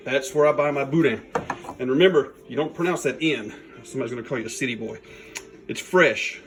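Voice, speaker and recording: A man, chatting in a folksy, upbeat way while demonstrating a recipe in his home kitchen. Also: medium pitch. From Louisiana. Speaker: cooking channel host. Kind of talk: casual cooking demo.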